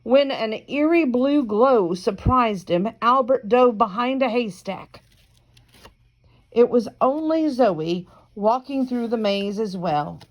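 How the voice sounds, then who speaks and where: A woman reading a children's picture book aloud, slow and careful, with chatty asides between pages. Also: a little high, expressive, highs cut off. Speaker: reader.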